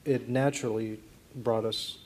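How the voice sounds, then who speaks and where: A man in his thirties, a guest in an on-stage conference interview, telling a personal story earnestly and haltingly, with many restarts. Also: medium pitch, steady tone, darkish tone.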